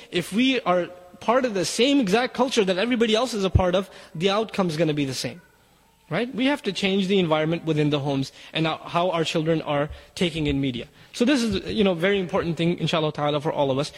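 Urgent preaching man, high voice. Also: a little fast, big-room sound. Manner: urgent, exhorting, addresses parents directly. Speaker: Muslim speaker. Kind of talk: sermon.

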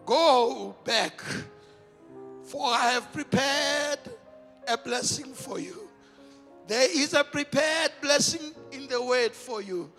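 A man preaching a sermon as pastor, shouting his points and switching between languages. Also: very high-pitched, slow, long reverb tail, faint music behind. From South Africa.

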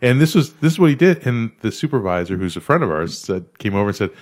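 A podcast co-host in casual chat, telling lively stories and acting out loud voices. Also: male voice, on the low side, fast talker.

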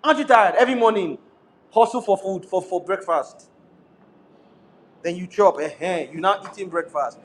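A middle-aged Nigerian man with a Nigerian accent, preaching a sermon as pastor, animated and slipping into pidgin with frequent laughter. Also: high-pitched, normal speed, long pauses, slight background noise.

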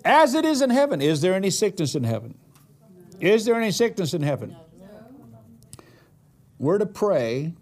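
A man preaching a sermon, slowing down for dramatic, emphatic declarations and then rushing through asides. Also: on the high side, darkish tone. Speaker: pastor.

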